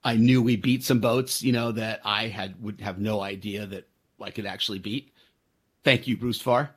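A man's voice: fairly low pitch, steady tone, moderate pace, breathy edge. A man in his sixties hosting a podcast, telling a story in a rambling, self-deprecating way, with many fillers and restarts. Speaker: podcast host. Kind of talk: casual storytelling.

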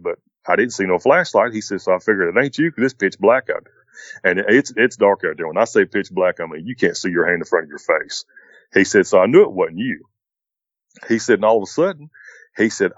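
A man's voice: lowish voice, no room sound, dull audio. A middle-aged man casually retelling a night encounter in a rambling way, repeating "he said" and "I said" as he goes. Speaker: storyteller.

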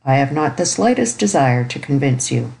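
Woman doing an elderly uncle, low voice, precise, dry irony, audiobook. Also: big pitch swings, normal speed, vocal fry, a little mellow, full character voice, rough recording. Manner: grave, precise, ironic. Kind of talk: audiobook character reading.

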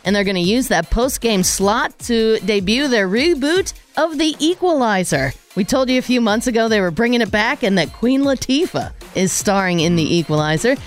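A woman co-hosting a radio show, reading entertainment news in a brisk way with dry asides. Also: on the high side, lively intonation, soft background music. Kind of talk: morning radio show chat.

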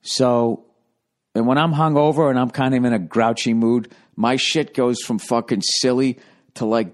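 A man's voice: medium pitch, fairly even intonation, moderate pace. A middle-aged man and comedian telling a rambling, profane story in a casual podcast monologue with wry asides.

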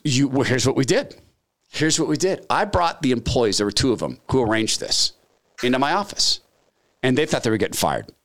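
Middle-aged male host, chatty storyteller, lively intonation, acts out the dialogue. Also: medium pitch, fairly quick. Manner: lively anecdotes, acting out dialogue. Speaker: podcast host. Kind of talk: casual storytelling chat.

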